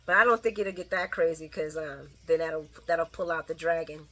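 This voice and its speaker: A woman casually recapping a soap opera episode, laughing often and acting out the characters' lines in quick little voices. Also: deep voice. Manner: animated and giggly, acts out characters' lines. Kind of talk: casual chat.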